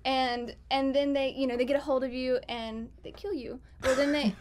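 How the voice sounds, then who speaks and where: A woman's voice: high-pitched, fairly even intonation, normal speed, noisy background. A woman talking as a guest in a casual interview, chatty and rambling, often laughing. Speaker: guest on a gaming podcast.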